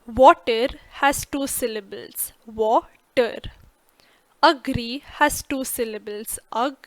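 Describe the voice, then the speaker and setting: A woman narrating an English grammar lesson, slow and careful, stressing each example word clearly. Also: high-pitched, a bit bright, no echo.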